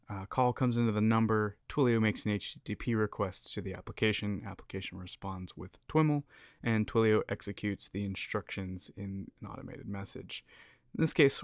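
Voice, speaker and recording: A man's voice: lowish voice, fairly quick, no echo, studio quality. A man presenting a casual, upbeat screencast walkthrough as a developer tutorial host.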